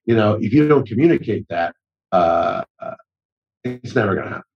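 A man's voice: lowish voice, lively intonation, moderate pace, breathy edge, dull audio. A middle-aged man talking as a guest in a casual conversation, rambling and often restarting his sentences. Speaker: actor-director guest.

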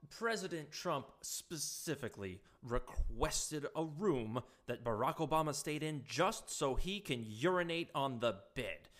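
A man's voice: a little high, a bit bright. A man giving ranting political commentary, indignant and sarcastic, often stumbling over his words.

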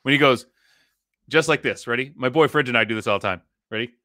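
Bright-voiced man chatting on a podcast. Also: medium pitch, fast talker, no room sound, studio quality. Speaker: podcast co-host. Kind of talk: casual chat.

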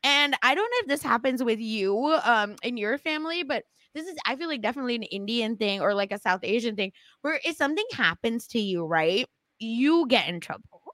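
A woman co-hosting a podcast in casual chat, lively and quick to act out what others say. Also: a little high, no echo. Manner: lively, acts out quotes from others. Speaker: podcast co-host.

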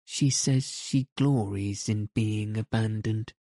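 A man's voice: fairly low pitch, fairly even intonation, takes it slowly, warm tone, no echo, clean studio sound. Peter Pan, a man reading as an anxious boy. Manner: boyish and uneasy.

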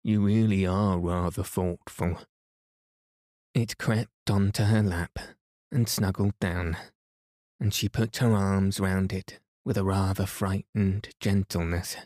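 A man narrating a bedtime story in a calm, soothing way for listeners falling asleep. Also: sits low, slow, no echo, clean studio sound. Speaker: podcast host, reader.

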